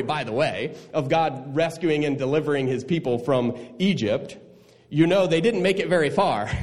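A man preaching a sermon, animated and laughing at times, swinging between loud and hushed delivery. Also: a little high, big-room sound. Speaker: pastor.

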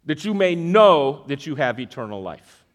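A man's voice: fairly high pitch, normal speed. A man preaching a sermon, using a magic trick as an object lesson and often checking in with the audience. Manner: animated, questioning the audience, repeating verses for emphasis.

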